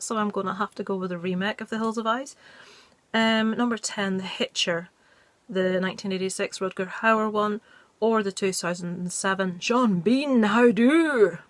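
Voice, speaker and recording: A woman's voice: mid-range voice, fairly bright tone, no echo. A woman vlogger chatting casually about horror films, giving blunt, jokey opinions. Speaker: movie review vlogger. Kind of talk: casual chat.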